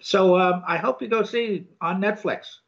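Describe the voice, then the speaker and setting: A man's voice: high-pitched, measured pace, gravelly, a bit bright. Older man rambling through a film review. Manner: rambling, hesitant with many ums and restarts. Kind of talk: casual review chat. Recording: dull lo-fi sound.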